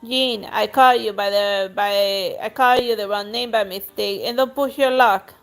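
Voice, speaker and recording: A woman's voice: medium pitch, fairly even intonation, a little slow, faint music behind, natural voice. A woman voicing a blustering, dismissive aristocratic husband in a story game, scolding as she reads. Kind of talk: reading game dialogue aloud.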